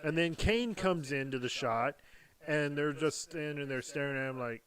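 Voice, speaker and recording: A man's voice: fairly high pitch, moderate pace. A man hosting a casual wrestling podcast, telling stories animatedly and laughing often. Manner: animated storyteller, laughs often, slips into impressions. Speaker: podcast host. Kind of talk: casual chat.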